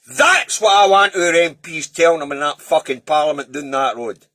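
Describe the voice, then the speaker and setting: A man's voice: fairly high pitch, normal speed, bright, forceful tone, no echo. A middle-aged Scottish man ranting in a sweary, blunt and heated political monologue. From Scotland. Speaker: political video commentator.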